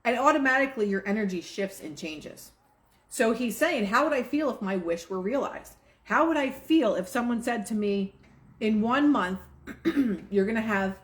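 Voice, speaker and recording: Her medium-pitched voice is relaxed and chatty as she teaches manifesting on her livestream, wandering off track, restarting sentences, and saying "like" a lot. The home recording has a clear, roomy echo.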